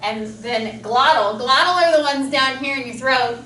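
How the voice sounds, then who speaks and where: A woman teaches a speech class through a mask in a high, bright voice full of eager energy, running a lecture with drills. She's enthusiastic, explaining with quick examples, and is picked up far from the mic across an echoey classroom with faint room noise behind her.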